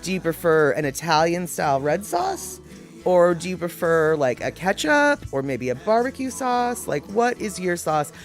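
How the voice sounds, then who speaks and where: A woman's voice: lowish voice, lively intonation, normal speed, faint music behind. A woman hosting a casual live show, chatting with viewers in a self-deprecating, opinionated way. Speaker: live show host answering viewer comments. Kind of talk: casual chat.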